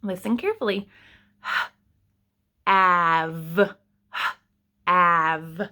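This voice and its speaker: A young adult woman teaching an online kindergarten writing lesson, sounding out words slowly and patiently for young children. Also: medium pitch, bright, forceful tone. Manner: slow, sounding out words step by step.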